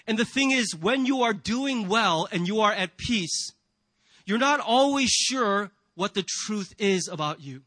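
A man's voice: sits high, expressive, unhurried, bright, forceful tone, no room sound. A man preaching a sermon to a congregation in a church, earnest and emphatic, often asking rhetorical questions. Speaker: pastor.

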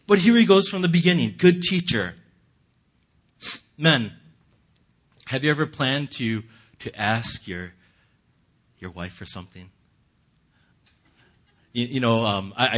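Lively-voiced man preaching casually. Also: mid-range voice. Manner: casual, chuckling, many restarts and asides. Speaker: pastor. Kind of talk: conversational sermon.

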